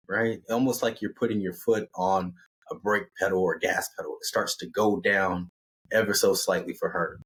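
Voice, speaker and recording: Husky-voiced male storyteller. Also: lowish voice. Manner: conversational, animated, acts out characters. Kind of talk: casual spoken storytelling.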